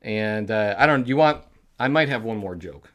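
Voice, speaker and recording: Rambling, animated male talk show host. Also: lowish voice, moderate pace. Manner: rambling, laughs at his own bad jokes. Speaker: public access show host. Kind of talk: rambling live sign-off chat.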